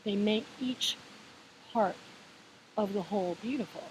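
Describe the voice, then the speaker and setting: Woman musing casually over steady hiss. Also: medium pitch, unhurried. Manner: relaxed, meandering, encouraging, many fillers and restarts. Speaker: vlogger sharing spiritual advice. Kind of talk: casual reflective monologue. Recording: hissy home recording.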